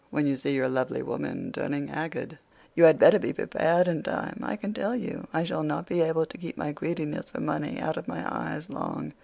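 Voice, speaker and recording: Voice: mid-range voice, creaky, a little mellow. An audiobook reader voicing a spirited, teasing young woman who scolds her father playfully.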